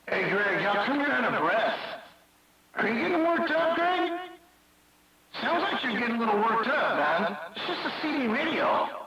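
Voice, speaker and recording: High-voiced guy trash talking on cb radio, sounds far off and super echoey, lots of hiss. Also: sing-song, normal speed, dull audio, crowd noise. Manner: mocking, taunting, repeats himself. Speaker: CB radio operator. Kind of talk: taunting radio banter.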